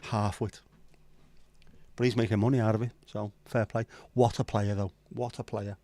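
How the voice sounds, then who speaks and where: A man's voice: on the low side, little pitch movement, normal speed, dark tone. A man hosting a casual livestream chat, chatty and sweary with self-deprecating humour. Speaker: livestream host.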